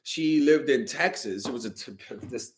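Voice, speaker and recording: A young man giving blunt, animated dating advice to fans in a casual stream, swearing freely and sounding exasperated. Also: mid-range voice, moderate pace. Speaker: dating coach answering fan questions.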